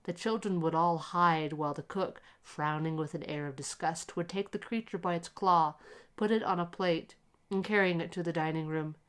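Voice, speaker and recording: A woman narrating a classic short story aloud in a calm, measured, expressive reading for relaxation. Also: lowish voice, smooth.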